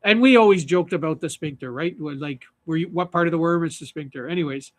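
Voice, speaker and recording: A man's voice: a little high, quick pace. A man hosting a fly-tying livestream, telling a rambling funny fishing story and laughing at his own jokes.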